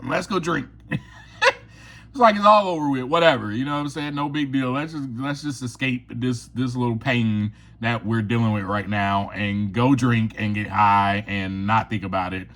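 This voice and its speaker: A man's voice: mid-range voice, steady tone, moderate pace, a bit bright. A man hosting his own podcast, telling a personal story in a candid, confessional way and laughing often. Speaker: podcast host.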